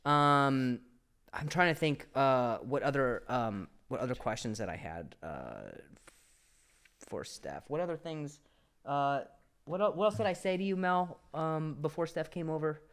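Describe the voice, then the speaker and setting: A man with a stutter hosts a casual podcast. His voice sits a little high, and he talks into a studio mic with lots of rise and fall. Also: animated, unhurried, a bit bright, smooth. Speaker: podcast host.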